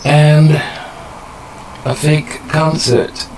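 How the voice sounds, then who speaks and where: A man's voice: fairly high pitch, level tone, very slow, a little mellow, slight background noise, pitched above the performer's own voice, poor audio. A man putting on the voice of a bossy male film-set crew member who calls out cues in clipped, commanding bursts.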